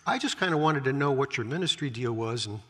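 A man voicing a confused, earnest Pharisee teacher in casual modern words, with a husky voice in a reverberant hall. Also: mid-range voice, lively intonation, fast talker, a bit bright. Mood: bewildered. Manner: bewildered, casual modern phrasing.

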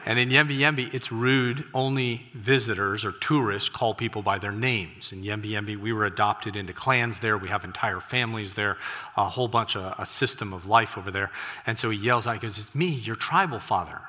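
Man, preacher, lowish voice, bright forceful tone, long church reverb, animated storytelling. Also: brisk. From United States. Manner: animated, breaks into loud exclamations. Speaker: missionary preacher. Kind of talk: sermon with storytelling. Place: church sanctuary.

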